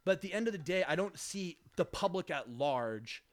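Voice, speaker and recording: A man's voice: sits high, lively intonation, normal speed. A nineteen-year-old man from Los Angeles hosting a podcast, rambling and crude in casual banter, laughing through his sentences. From Los Angeles, USA. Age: teens. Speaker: podcast host.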